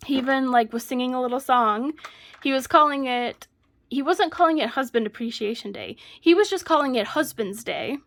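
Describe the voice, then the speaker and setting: A woman's voice: high-pitched, moderate pace, a bit bright. A woman vlogger chatting casually while she crafts at home, telling a story with frequent laughs. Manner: chatty storyteller, laughs often mid-sentence.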